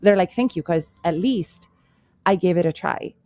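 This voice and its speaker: A woman's voice: lowish voice, normal speed, dark tone, dry recording, clean studio sound. A woman from Italy, first language Italian, speaking with a Canadian English accent as a guest on a podcast, talking candidly in a casual chat with lots of "like" fillers. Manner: candid, uses many "like" fillers.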